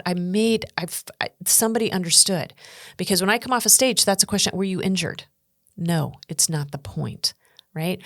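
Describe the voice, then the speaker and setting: Earnest storytelling woman, low voice. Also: dry recording, studio quality. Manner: earnest, animated storytelling with acted quotes. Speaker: guest speaker and coach. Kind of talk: podcast interview storytelling.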